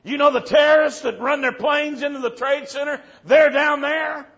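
A preacher delivering a fiery revival sermon in church, moving from low storytelling to shouted warnings. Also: male voice, fairly even intonation, normal speed. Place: church service. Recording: dull lo-fi recording.

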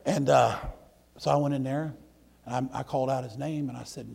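A middle-aged man, a preacher telling folksy stories in a sermon, swinging between loud outbursts and hushed, near-whispered passages. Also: medium pitch, steady tone, brisk, vocal fry, slightly rough. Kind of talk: storytelling sermon.

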